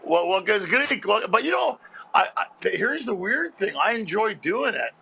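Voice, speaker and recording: A man's voice: high voice, very animated, normal speed, vocal fry, sharp tone, breathy edge. A man from Montreal, a stand-up comedian, telling rambling anecdotes in a casual chat as a phone-in guest, often laughing. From Montreal, Canada.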